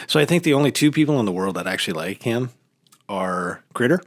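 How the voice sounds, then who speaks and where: A middle-aged American man telling stories in a casual chat, animated and mimicking other people's voices. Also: lowish voice, fast talker, dry recording. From United States. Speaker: podcast guest.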